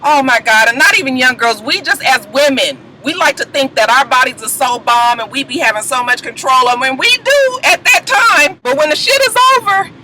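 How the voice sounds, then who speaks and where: A woman's voice: high-pitched, normal speed, hardly any pauses, background noise. A woman giving a blunt, profane, laughing recap of a reality TV episode in a casual vlog. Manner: blunt, swearing, laughing, animated storytelling. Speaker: TV recap vlogger.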